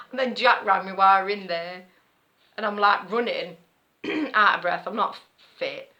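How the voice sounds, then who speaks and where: This time the knitting vlogger's voice is medium-pitched, a little slow, and pushed and bright, with the highs cut off. The middle-aged woman, who has an East Midlands English accent, chats casually and ramblingly, laughing often through her story.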